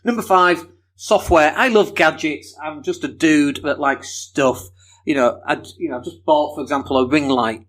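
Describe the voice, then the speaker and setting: Male podcast host, fairly high voice, casual rambling monologue, laughs at himself. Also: moderate pace, a bit bright. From Leeds, England. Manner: chatty, enthusiastic, self-deprecating, laughs often.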